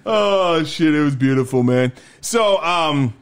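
A man co-hosting a podcast, chatting casually and excitedly about a movie, with frequent swearing and restarts. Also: fairly high pitch, takes it slowly, clear, resonant tone. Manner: excited, profane, rambling with restarts. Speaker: podcast co-host. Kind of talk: casual movie review chat.

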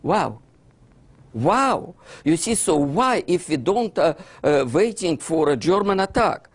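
Halting man. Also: on the high side, husky. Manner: halting non-native English with frequent fillers and "you see, so"; animated, with bursts of amused laughter. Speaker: lecturer. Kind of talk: illustrated history lecture.

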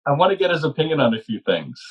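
Hesitant interviewer with a breathy voice, casual questioning, muffled audio. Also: medium pitch, sing-song, fast talker.

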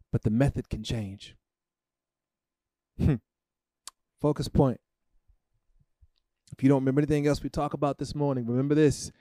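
A man preaching a sermon as pastor, emotional and emphatic, with dramatic pauses. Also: fairly high pitch, warm tone, no room sound, clean studio sound.

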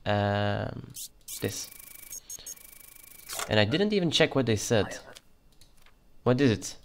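A lowish male voice with lively intonation moves slowly, with a bit of background noise behind it. The let's play gamer voices a stern border guard in a mock Russian accent, being curt and officious toward the game's characters.

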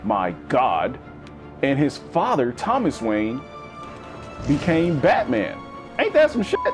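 A man giving casual, slangy let's-play commentary, swinging between high yelps and low growls. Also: slow, music in the background. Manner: animated, slangy, swings into high-pitched bits and deep growls. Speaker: gaming YouTuber.

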